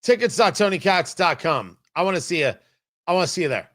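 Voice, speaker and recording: Animated high-voiced male radio host. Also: a little fast. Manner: animated, emphatic, mocking impressions. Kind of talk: talk radio commentary.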